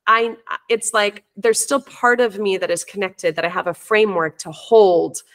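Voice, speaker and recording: A woman's voice: medium pitch, steady tone, moderate pace. A woman who teaches and coaches parents, talking openly and reflectively in a casual conversation, often restarting her sentences as she thinks. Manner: open, reflective, storytelling with many restarts.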